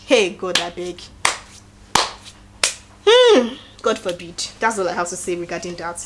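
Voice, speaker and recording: A woman with a Nigerian accent giving a casual recap, acting out quotes in an animated way and adding preachy asides. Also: fairly low pitch, measured pace, slight background noise. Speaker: show recap host. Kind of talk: casual reality-show recap.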